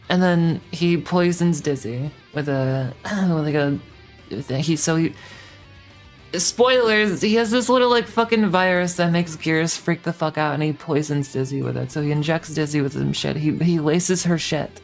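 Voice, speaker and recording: A woman's voice: sits low, normal speed, faint music behind. A woman streamer giving a rambling, profane, sarcastic recap in casual chat.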